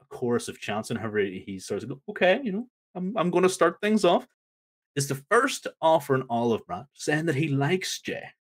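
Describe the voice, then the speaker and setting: A man hosting a podcast, animatedly recapping a wrestling segment and acting out the lines he quotes. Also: medium pitch. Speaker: podcast host.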